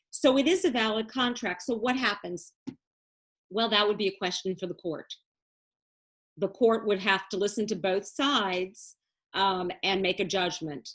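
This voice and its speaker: A woman teaching a business law class in a recorded lecture, explaining in a casual, colloquial way and teasing her students with jokes. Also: mid-range voice. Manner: lively, joking, teasing students.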